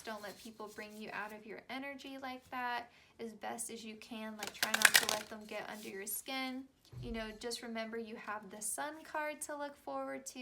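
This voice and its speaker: A young tarot reader with a fairly high voice gives a casual, chatty reading, reassuring viewers and using lots of fillers. The audio is very noisy.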